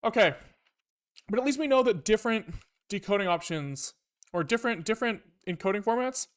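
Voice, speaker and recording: High-pitched, clear and resonant with a fairly bright tone, a man livestreams himself programming. His casual live-coding talk wanders as he thinks aloud, swears, and throws wry asides at his chat.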